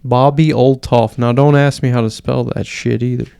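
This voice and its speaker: A man's voice: mid-range voice, fairly even intonation, moderate pace, gravelly, mellow, smooth, no echo, clean studio sound. A man hosting a casual solo podcast, rambling and swearing in an offhand way. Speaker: podcast host.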